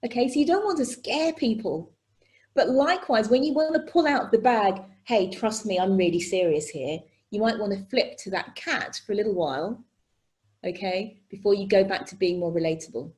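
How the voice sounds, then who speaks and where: Woman workshop presenter on a video call, animated and conversational, tags lines with checks like "okay?". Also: mid-range voice, brisk. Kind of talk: live online workshop teaching.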